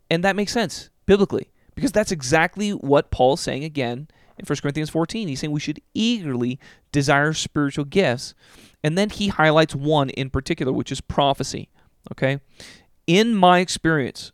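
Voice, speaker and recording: A man in his thirties hosts a solo podcast, his voice sitting a little higher than most men's. He talks earnestly and gets moved by his own words, leaning on fillers and tag questions. The sound is dry, with no room echo. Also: smooth. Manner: earnest, emotional, filler-heavy with frequent "okay?". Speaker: podcast host. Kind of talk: solo podcast talk about faith. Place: alone in a room.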